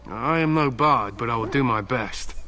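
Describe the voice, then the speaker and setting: A proud, stern warrior from a video game, played by a man, with a bright, forceful edge to his voice. He speaks solemnly of old legends and turns blunt and threatening without raising his tone. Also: medium pitch, moderate pace, a little hiss or hum, close to an everyday voice. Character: stern proud male warrior, hound handler.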